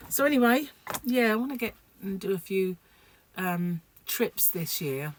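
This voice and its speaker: A woman's voice: medium pitch, lively intonation, a little slow, slight background noise. Tired, rambling woman vlogging. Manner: rambling, chatty, many fillers. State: sleep-deprived. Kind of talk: casual chat to camera.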